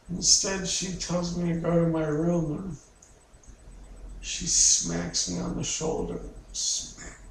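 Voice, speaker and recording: Slow gravelly man in echoey room. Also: high-pitched, fairly even intonation. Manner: blunt and profane, with bitter laughs. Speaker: therapy client. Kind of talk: recounting a painful memory in a session. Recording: echoey room, mic far off, faint noise.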